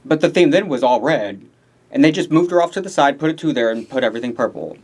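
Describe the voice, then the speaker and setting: A man's voice: medium pitch, lively intonation, quick pace, a little mellow. A man co-hosting a casual chat show, talking in a chatty, gossipy way. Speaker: podcast co-host.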